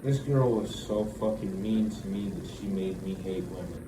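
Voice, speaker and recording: A man's voice: deep voice, moderate pace. A young man in his twenties telling a profane, rambling personal story, full of "like" and restarts. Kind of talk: casual storytelling. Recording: roomy, distant mic, noisy background.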